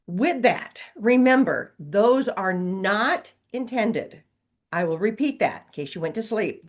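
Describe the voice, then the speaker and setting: A woman teaching real estate agents in a training session, walking through steps and repeating key points. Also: lowish voice. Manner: instructive, repeats key points, asks okay.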